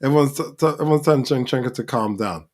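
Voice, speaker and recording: A man's voice: medium pitch, fast talker. A man hosting a live football reaction, talking over the match and calling out the players. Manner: excitable, shouts at players on screen.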